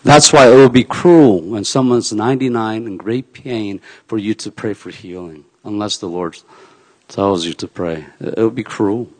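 A man preaching a sermon, dropping to a hush and then rising to loud, emphatic peaks. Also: on the low side, normal speed. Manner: swings from hushed to loud and emphatic. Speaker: pastor. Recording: long hall reverb.

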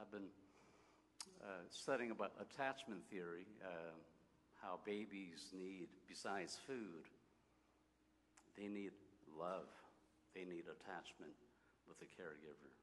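A man preaching a reflective sermon, halting and often repeating his words as he thinks aloud, with a long hall reverb. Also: low voice, a bit bright, a little hiss or hum.

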